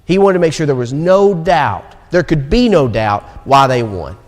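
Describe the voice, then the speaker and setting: A young man with a Southern American accent preaching a sermon in a church sanctuary, moving between quick asides and slow, stressed phrases. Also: a little high, big pitch swings. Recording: long reverb of a church hall.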